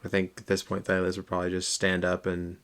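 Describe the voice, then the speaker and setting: A man's voice: deep voice, completely flat delivery, fast, fairly bright tone, slight background noise. A man playing a tabletop game, casually describing what his character does. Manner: casual, thinking aloud about his character. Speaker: player.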